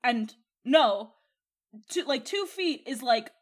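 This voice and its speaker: A woman's voice: high voice, lively intonation, takes it slowly. A woman co-hosting a casual book podcast, with sardonic, exasperated commentary. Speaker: podcast co-host.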